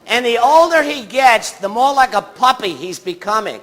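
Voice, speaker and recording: High, bright-voiced male stand-up comic. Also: animated, normal speed, slight background noise. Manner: rambling, banters with the audience. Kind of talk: stand-up comedy set. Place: theatre stage before a live audience.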